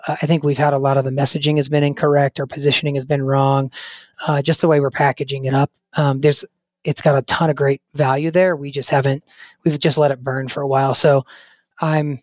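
A man's voice: mid-range voice, flat delivery, fairly quick, dry recording, studio quality. A man co-hosting a podcast in casual chat, talking in a loose, rambling way and steering the conversation, his voice weak and strained. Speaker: podcast co-host.

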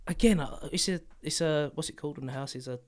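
A man's voice: on the high side, fast. A man, co-hosting a podcast and telling a sweary story in casual chat. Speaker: podcast co-host.

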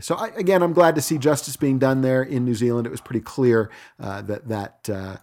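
Man, middle-aged, podcast host, relaxed delivery, many filler words, home studio. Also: mid-range voice, fairly quick. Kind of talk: solo podcast news segment.

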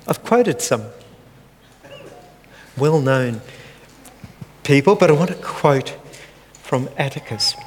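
An older man preaching a sermon, slow and earnest as he reads scripture aloud. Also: on the high side. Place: church hall. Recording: long church hall reverb, faint room noise.

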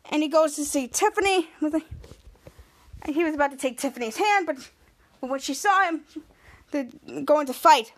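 A woman's voice: sits high, normal speed, long pauses, a bit bright. A woman hosting a podcast, retelling a TV episode in a rambling, run-on way with many restarts. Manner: quotes characters in a raised voice. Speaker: podcast host. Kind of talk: casual episode recap.

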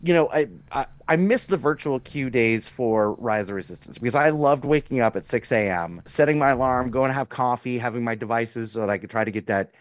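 A man's voice: medium pitch, fairly quick, few pauses, no echo. Rambling man co-hosting a podcast. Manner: mock-indignant, rambling storyteller. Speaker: podcast co-host. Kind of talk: casual chat.

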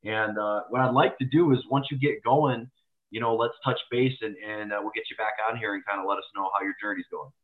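A low-voiced man hosts a podcast over a thin, phone-like line. He jokes around loosely, then reads out upcoming events in a punchy announcer delivery. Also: steady tone, a little fast. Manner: loud, joking, shifts into an announcer read. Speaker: podcast host and promoter. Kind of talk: casual podcast chat.

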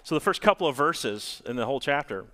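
A man's voice: medium pitch, expressive, fast talker, bright, forceful tone. A male pastor preaching a sermon, asking the congregation rhetorical questions.

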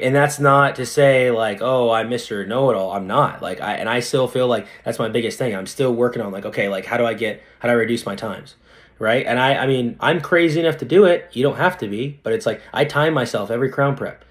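A young male dentist chatting casually as a podcast guest, animated and slangy, often asking "right?" and calling the listener "dude". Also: medium pitch.

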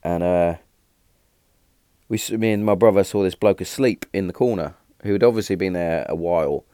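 Bloke, thirties, very low voice, dry close sound, rambling storyteller. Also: male voice, moderate pace, no echo. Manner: rambling, animated when telling a punchline, frequent restarts and fillers. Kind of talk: casual storytelling.

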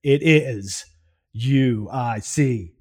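A man's voice: mid-range voice, very slow, a little mellow. A man co-hosting a podcast, chatting casually and laughing while he reads out movie quotes. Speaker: podcast co-host. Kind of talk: casual chat, movie review.

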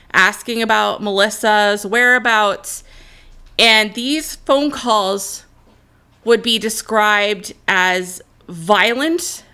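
A woman host walks listeners through a true crime case in a crisp, bright voice. She speaks earnestly, with her own feelings coming through in the telling. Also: medium pitch. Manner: earnest, openly emotional commentary.

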